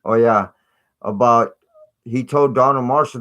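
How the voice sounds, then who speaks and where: A man's voice: medium pitch, a little slow, fairly bright tone. A man hosting a live stream, talking in a rambling, casual way full of fillers and asides. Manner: rambling, filler-heavy, conspiratorial chat.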